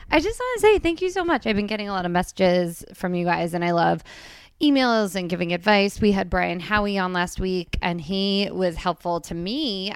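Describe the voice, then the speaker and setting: A woman's voice: lowish voice, smooth, dry recording. Giggly chatty woman podcast host. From New Jersey. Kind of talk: casual podcast chat.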